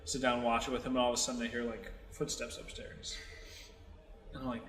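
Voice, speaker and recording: A young man in his twenties tells a story with lots of likes and curse words. His voice is bright and forward. The recording has a roomy echo with a long hall tail. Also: mid-range voice, level tone, fast talker. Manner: rambling, filler-heavy, swears a lot. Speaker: podcast co-host. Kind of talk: casual storytelling chat.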